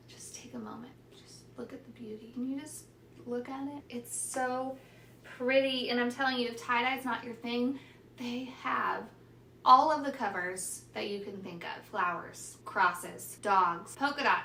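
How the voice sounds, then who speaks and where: A woman teacher chatting casually and gushing excitedly while unboxing on her vlog. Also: on the high side, gravelly. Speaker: teacher and vlogger. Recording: echoey room with faint ambient noise.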